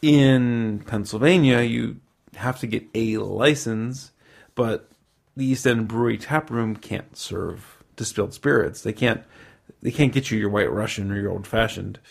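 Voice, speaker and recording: A man's voice: lowish voice, unhurried, creaky. A man hosting a podcast in casual chat, rambling and correcting himself, with easy laughs. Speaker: podcast host.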